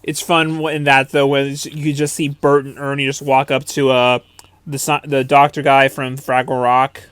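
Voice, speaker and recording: A man's voice: mid-range voice, level tone, moderate pace, a bit bright, clean tone, no echo. A young man co-hosting a casual movie commentary, chatty and wry, giving opinions with small hesitations.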